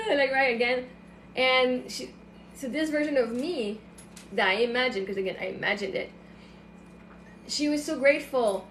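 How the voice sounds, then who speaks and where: A woman's voice: sits high, normal speed, pauses often, a bit bright, reverberant, a little hiss or hum. A woman chatting casually on a late-night livestream. She talks in an emotional, rambling way, full of fillers and restarts, and at times sounds close to tears. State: tearful at times. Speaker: livestream host. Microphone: phone.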